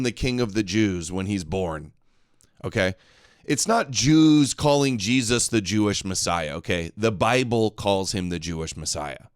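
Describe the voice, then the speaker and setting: Male host, low voice, dry close sound, sarcastic and fed up with what he's reacting to. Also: no room sound. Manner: sarcastic, exasperated. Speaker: show host. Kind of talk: casual commentary reacting to a clip.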